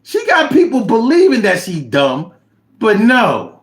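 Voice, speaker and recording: A man hosting a casual livestream, reading viewer comments aloud and reacting with animated, chat. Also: a little slow. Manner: animated, drops to low mumble reading comments.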